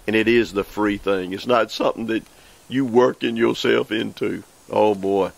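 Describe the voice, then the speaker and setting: A man from the southeastern United States with a Southern accent, preaching an informal sermon full of stories, exuberant, exclaiming and repeating words when excited. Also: fairly low pitch, normal speed, vocal fry. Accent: Southern American.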